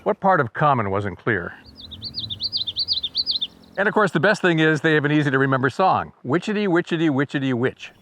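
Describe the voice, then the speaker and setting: A man's voice: on the high side, expressive, moderate pace, pauses often, very noisy. Chatty man guiding birders, wry humor. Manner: chatty and wry, imitates birdsong by voice. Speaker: birding guide and video host. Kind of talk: casual educational video narration.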